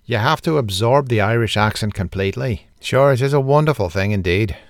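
Smooth, clear male voiceover. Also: fairly low pitch, brisk, dry recording, clean studio sound. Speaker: voiceover artist. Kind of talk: voiceover accent demo.

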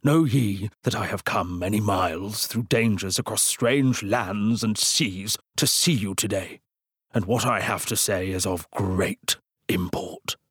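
A man's voice: fairly low pitch, unhurried, a bit bright, slightly rough, dry recording, clean studio sound. A man doing a terse, proud old sorcerer. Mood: solemn. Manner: terse and solemn, archaic speech.

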